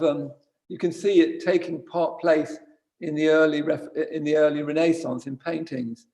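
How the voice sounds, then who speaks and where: Gravelly man giving a dharma talk. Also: on the high side, darkish tone. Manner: conversational, wry, self-correcting asides. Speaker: Buddhist teacher. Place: retreat centre shrine room.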